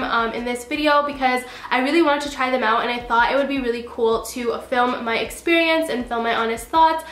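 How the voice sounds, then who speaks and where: A woman's voice: high voice, fairly bright tone. A woman hosting a casual cooking vlog in her home kitchen, chatty and upbeat, her voice nasal and stuffy from a cold. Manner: chatty and upbeat, with frequent fillers. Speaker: cooking channel host. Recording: echoey kitchen.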